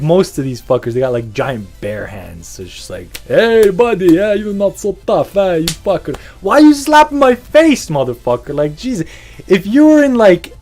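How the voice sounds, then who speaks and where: A man's voice: on the high side, darkish tone. A man hosting a podcast, rambling through a profane, casual rant and laughing often. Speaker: podcast host.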